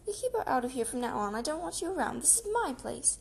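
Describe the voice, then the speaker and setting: Woman doing a shrill scolding rat. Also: expressive, moderate pace, vocal fry. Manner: shrieking, scolding. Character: shrill bossy rat, male, small.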